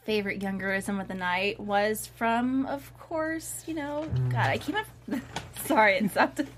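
A woman's voice: mid-range voice, unhurried, background noise. A woman hosting a casual panel chat about a TV episode, leading the segments and throwing to the others. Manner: chatty, leads the segments. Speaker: host.

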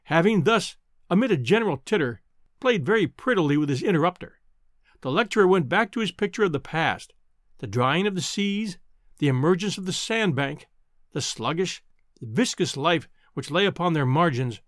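A man narrating a classic novel in a measured, expressive audiobook style. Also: fairly high pitch, dry recording, clean studio sound. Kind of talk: audiobook storytelling.

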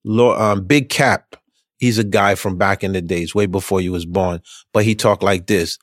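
Dude telling a wild story, super animated, slangy, doing everyone's voices. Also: male voice, sits low, moderate pace, no echo, studio quality. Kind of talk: casual anecdote.

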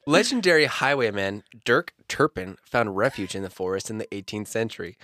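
Man, podcast co-host, deadpan quips, reading aloud, animated intonation. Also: fairly low pitch, fairly quick, no echo, clean studio sound. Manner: deadpan joking commentary while reading. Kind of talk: casual reading with jokes.

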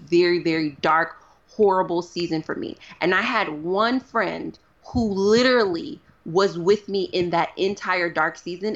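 Chatty woman with dull lo-fi audio. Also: on the low side. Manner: animated, uses many fillers like "like". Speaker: guest. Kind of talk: casual interview talk.

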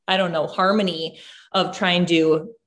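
A woman's voice: on the low side, takes it slowly. A woman in her thirties, a mom and business owner, chatting casually as a podcast host and filling her talk with "like". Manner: chatty, lots of "like" fillers, animated storytelling. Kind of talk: casual conversational chat.

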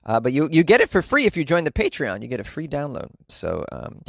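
A man's voice: on the high side, wildly swooping pitch, a little fast, creaky, fairly bright tone, dry recording, clean studio sound. A man hosting a comedy news podcast, chatting casually and joking while he reads out listener reviews and emails. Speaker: podcast host. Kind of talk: casual solo podcast chat reading listener mail. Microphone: home podcast mic.

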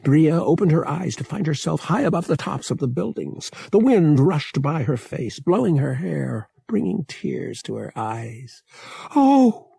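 Gravelly, slow male audiobook narrator. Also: a little high, no echo. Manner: measured, expressive storytelling.

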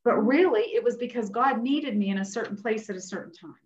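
Woman guest, nurse practitioner, animated storyteller; muffled, roomy recording. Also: a little high, fairly quick. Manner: animated, acts out what others said. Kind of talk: personal storytelling in an interview. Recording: roomy, dull sound.

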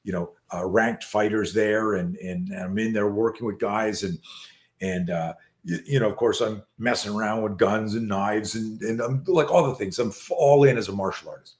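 A man in his sixties, a podcast guest, telling a story in an animated, profane way with many restarts. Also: lowish voice, normal speed. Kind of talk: storytelling in a conversation. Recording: roomy echo.

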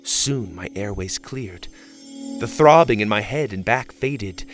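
A man narrating a fantasy story in the first person, dramatic, moving from hushed passages to loud, excited ones. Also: lowish voice, slow, no room sound, faint music behind.

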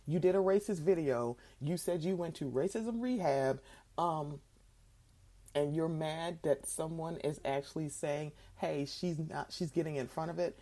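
A woman podcast guest giving blunt, sarcastic commentary in a relaxed, casual way. Her voice is low and mellow for a woman, and the tone stays warm. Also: measured pace.

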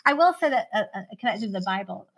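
A woman's voice: medium pitch, expressive, fast talker, creaky. Reflective Northern Irish woman in her forties. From Northern Ireland. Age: 40s. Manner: warm, reflective, laughs often. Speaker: guest singer-songwriter. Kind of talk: casual podcast interview.

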